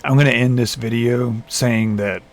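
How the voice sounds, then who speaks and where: A man talking unscripted to camera alone in a small room, tired and halting, with many restarts and fillers. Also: medium pitch, steady tone. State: lethargic, tired. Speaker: vlogger in recovery. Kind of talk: unscripted personal vlog. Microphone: camera facing speaker.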